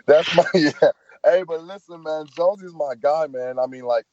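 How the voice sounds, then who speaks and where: A man's voice: a little high, normal speed, darkish tone, no echo, lo-fi sound. Laid-back Southern man telling stories. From American South. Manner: laid-back, storytelling, says "man" often. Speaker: football player guest. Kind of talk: casual podcast chat.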